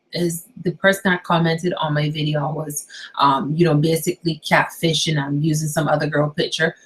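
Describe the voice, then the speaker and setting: Chatty woman vlogging, lowish voice. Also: poor audio. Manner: animated, chatty, rhetorical questions. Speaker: YouTuber. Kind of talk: casual vlog talk to viewers. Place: home bedroom at night.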